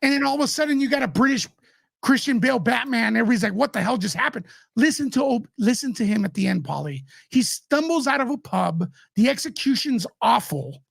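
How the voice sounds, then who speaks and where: A man's voice: very high-pitched, sing-song, fairly quick, vocal fry, no echo, clean studio sound. A man who is a guest commentator in a casual podcast chat, ranting with passion and frustration.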